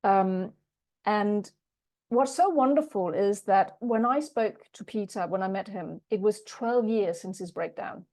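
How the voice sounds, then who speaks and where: A woman's voice: mid-range voice, a little slow, darkish tone. A middle-aged woman coach giving a talk, earnestly telling coaching stories and acting out the conversations with her clients. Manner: earnest, re-enacts dialogue with clients. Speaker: leadership coach and speaker.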